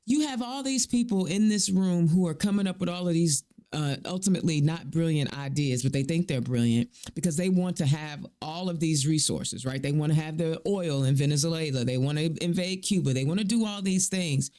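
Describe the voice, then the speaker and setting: A man from Indiana hosting a casual political talk show, animated and rising in pitch when indignant. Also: fairly quick, hardly any pauses. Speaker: host.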